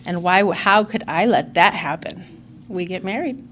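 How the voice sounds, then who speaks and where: A woman's voice: fairly low pitch, normal speed, a bit bright, a little hiss or hum. A woman in her forties giving an earnest, candid personal testimony as a speaker at a recovery conference.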